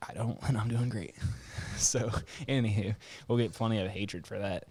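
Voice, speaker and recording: A man with a fairly low voice hosts a casual podcast conversation. He tells his story with animated energy and slips into the voices of the other people in it as he goes. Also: fairly quick, vocal fry, few pauses. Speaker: podcast host. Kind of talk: casual chat.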